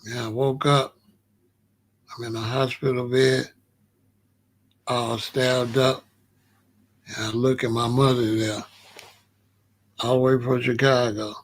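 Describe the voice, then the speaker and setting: A man hosting his own show, telling a personal story with lively, laughing delivery. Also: medium pitch, takes it slowly, long pauses. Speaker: show host.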